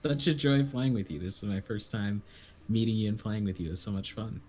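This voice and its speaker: Man, low voice, game master, enthusiastic, rambling casual chat. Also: a little fast, darkish tone, slight background noise.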